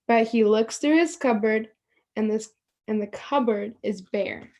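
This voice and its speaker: Woman, storytime reader on a video call. Slow, higher-pitched and expressive, with chatty asides to the kids. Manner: slow, expressive read-aloud with pointing asides. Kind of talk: reading a picture book aloud to children.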